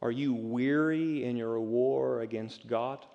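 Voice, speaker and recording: A man's voice: mid-range voice, slow pace, gravelly, highs cut off. Man preaching in a reverberant hall. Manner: swings from loud urgent calls to hushed near-whispers. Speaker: pastor. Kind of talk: sermon. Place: church sanctuary.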